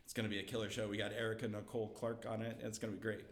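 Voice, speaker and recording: A young man telling a story as a guest, lively and laughing, acting out the quotes. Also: lowish voice, very fast, reverberant. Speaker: comedian guest. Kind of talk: animated storytelling.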